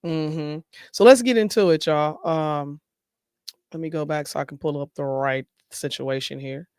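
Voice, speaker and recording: Woman podcast host, blunt and animated, dry close mic. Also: sits low, a little slow, clean tone, no echo. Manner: blunt, animated, speaks with conviction. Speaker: show host. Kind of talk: casual podcast chat.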